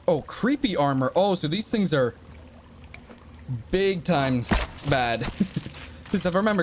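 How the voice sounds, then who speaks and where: This is let's play commentary from a gaming channel host working through a survival horror game. His voice is on the high side, with slight background noise. He keeps getting startled, exclaiming in fear and muttering to himself.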